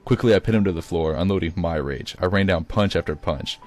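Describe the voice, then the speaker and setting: A man with a very low, deep voice reads his own first-person story aloud. The delivery is amateur, with occasional stumbles and restarts. Faint music plays behind him. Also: brisk, darkish tone. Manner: occasional stumbles and self-corrections. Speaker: reader.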